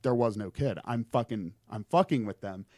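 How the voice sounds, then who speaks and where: A man's voice: fairly low pitch, normal speed, no room sound, clean studio sound. A young man telling a creepy personal story on a podcast, rambling and swearing as he goes. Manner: rambling, swearing, animated retelling. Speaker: podcast guest. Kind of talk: casual storytelling.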